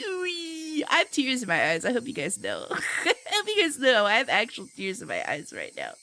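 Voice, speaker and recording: A young woman streamer chatting casually with her viewers, giggly and playful, loudly reacting to chat. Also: fairly high pitch, huge pitch swings, moderate pace.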